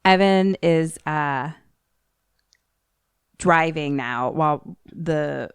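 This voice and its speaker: A woman's voice: deep voice, extremely slow, smooth, no echo, clean studio sound. A woman co-hosting a podcast, casually retelling a film's plot and laughing often.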